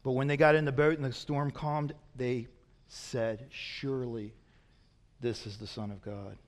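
A man preaching a sermon as a pastor, swinging from loud emphatic peaks to quiet, low asides. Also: fairly even intonation, a little slow, in a large hall.

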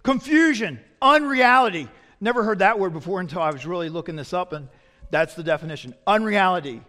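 A man preaching a sermon as pastor, swinging from loud emphatic lines to quiet, low asides. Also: animated, quick pace, long reverb tail.

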